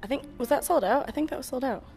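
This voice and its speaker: A woman's voice: high voice, quick pace, a little mellow, long reverb tail. A young American woman interviewing a band backstage, chatty and laughing often. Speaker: music interviewer. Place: backstage at a music venue.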